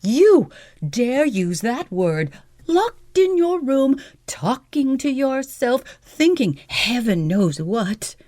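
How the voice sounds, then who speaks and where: A woman voicing a bitter, spiteful woman in mourning, shrill and accusing in her speech. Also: very animated, slow pace, warm tone, no echo, studio quality. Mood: indignant.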